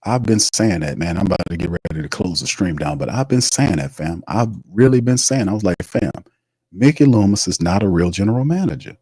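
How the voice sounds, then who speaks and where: A man hosts a sports livestream in a low, dark voice with a touch of huskiness. He talks emphatically, circles back to his points, and reads chat messages aloud. The sound is dry and close. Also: lively intonation, fairly quick, husky, no room sound, low-quality recording. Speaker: sports show host.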